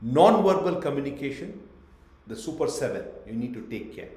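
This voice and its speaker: A man's voice: medium pitch, very animated, normal speed, a little mellow. Male corporate trainer teaching over a webcam, punchy lists, roomy echo. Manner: emphatic, lists points in short bursts; asks the class questions. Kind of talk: online training lecture. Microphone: webcam on a video call.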